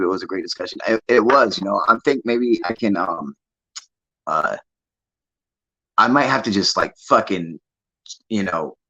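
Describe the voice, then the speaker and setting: Male streamer host, low husky voice, foul-mouthed rambling chat, dry dull lo-fi audio. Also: fairly bright tone. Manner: profane, rambling, laughing. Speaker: livestream host. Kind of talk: casual livestream chat.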